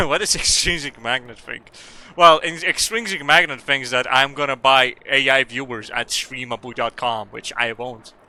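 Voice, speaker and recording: A man's voice: mid-range voice, moderate pace, few pauses, pushed and bright. A man streaming a game who chats casually, rambles, jokes and swears. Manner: profane, rambling, joking. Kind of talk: casual gaming stream chat.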